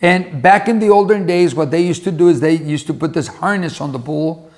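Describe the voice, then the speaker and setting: A man delivering a motivational talk to camera, folksy and conversational, circling back to repeat his lesson. His voice is gravelly, with a fair amount of creak, and sits a little higher than most men's. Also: fairly quick, darkish tone. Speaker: motivational speaker. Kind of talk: motivational storytelling monologue.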